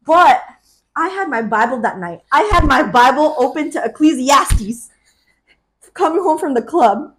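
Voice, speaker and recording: A woman in her twenties co-hosting a podcast, telling stories in an animated way with frequent laughter. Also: high voice, a little slow, a little hiss or hum. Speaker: podcast co-host. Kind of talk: casual chat.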